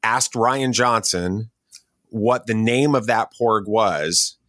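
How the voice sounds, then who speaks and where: A man's voice: on the low side, fairly bright tone, no room sound, studio quality. A middle-aged man hosting a podcast, chatting casually and telling a story with many restarts. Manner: halting, restarts a lot, storytelling. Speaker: podcast host. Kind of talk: casual interview chat.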